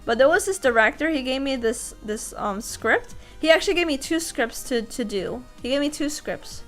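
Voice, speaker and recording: Woman, streamer and voice actor, casual chat, high bright voice, laughs often, faint music behind. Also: normal speed. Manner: animated, laughs often, restarts sentences.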